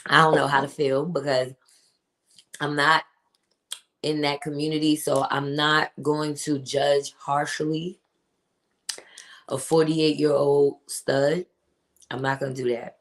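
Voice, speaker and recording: Very deep-voiced woman hosting a livestream. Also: little pitch movement, slow, long pauses, fairly bright tone. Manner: chatty and emphatic, greets viewers by name. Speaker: podcast host reading live chat. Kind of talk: casual livestream commentary.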